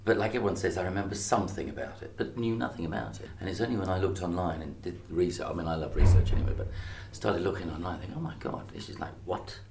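A man's voice: deep voice, fairly even intonation, rapid-fire, vocal fry, hardly any pauses, echoey room, noisy background. A man talking animatedly in an interview, remembering and putting on voices for the people in his anecdotes. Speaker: stage actor. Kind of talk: interview recollection.

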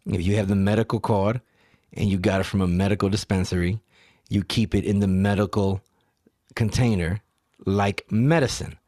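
Profane, animated man on a podcast. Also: fairly low pitch, moderate pace, no echo, clean studio sound. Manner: profane, animated storyteller acting out quotes; emphatic, rhetorical questions. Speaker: podcast host. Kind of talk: solo podcast storytelling.

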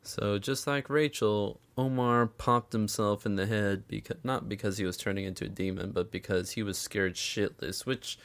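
A man's voice: lowish voice, steady tone, moderate pace, few pauses, slight background noise. A man giving casual, profane recap commentary, sarcastic and chuckling often.

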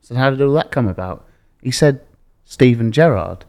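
A man on a casual podcast, eagerly jumping in with quick questions and reactions. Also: mid-range voice, expressive, a little mellow, clear, resonant tone.

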